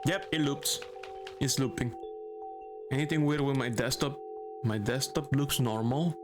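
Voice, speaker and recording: A man's voice: mid-range voice, fairly even intonation, unhurried. A man streaming a video game live, chatty and exclamatory, swearing when surprised. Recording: clear background music.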